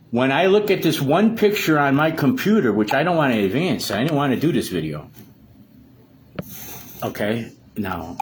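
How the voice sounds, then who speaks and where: A man's voice: lowish voice, slight background noise. A distraught man in a solo monologue, ranting in an agitated way with heavy swearing.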